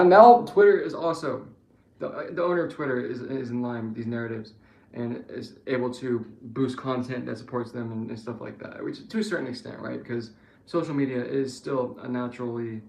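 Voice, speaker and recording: Young male streamer, gravelly voice, roomy echo, profane rambling rant with constant restarts. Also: medium pitch, a little mellow. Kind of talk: casual rambling political rant.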